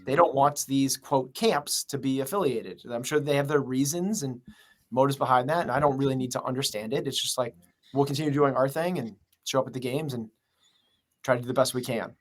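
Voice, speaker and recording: A man's voice: mid-range voice, fairly quick. A man who runs a gym, speaking as a podcast interview guest in an earnest, rambling way full of fillers. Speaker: gym owner and coach.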